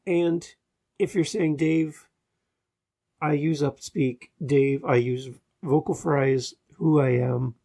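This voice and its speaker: A man hosting a podcast, giving measured advice with frequent restarts and fillers into a close microphone. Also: a little high, steady tone, warm tone. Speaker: podcast host.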